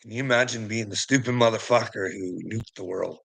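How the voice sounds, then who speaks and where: A man's voice: lowish voice, brisk, vocal fry, fairly bright tone, poor audio. A man rambling through a casual personal story, swearing freely and laughing often between lines. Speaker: vlogger.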